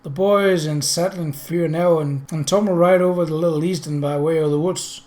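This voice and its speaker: A man voicing a gruff older male stable groom with rustic country speech. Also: a little high, steady tone, normal speed, darkish tone, lightly acted. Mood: urgent.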